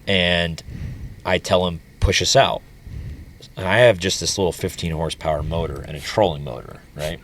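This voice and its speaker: A man's voice: deep voice, slight background noise. A man, telling a story in a casual talk show and laughing as he goes. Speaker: podcast host.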